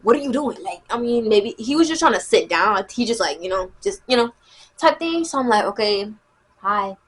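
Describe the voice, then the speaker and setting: A young woman, telling a casual storytime vlog in a chatty, animated way. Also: a little high, a little fast, slightly rough. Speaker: vlogger.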